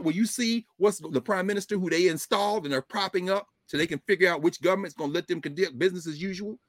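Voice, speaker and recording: A man's voice: high-pitched, no room sound, studio quality. A man hosting casual political commentary, talking emphatically with folksy asides.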